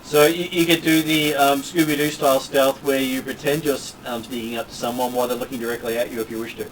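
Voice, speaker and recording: A man's voice: medium pitch, level tone, fast talker, distant mic, slight background noise, rough recording. A man narrating a tabletop game as game master, rambling along with many fillers.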